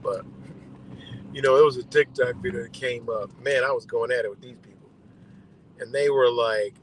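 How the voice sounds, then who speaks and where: A man's voice: mid-range voice, a bit bright, slight background noise, poor audio. A man hosting a live stream, ranting bluntly and exasperatedly with heavy swearing. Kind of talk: profane ranting commentary.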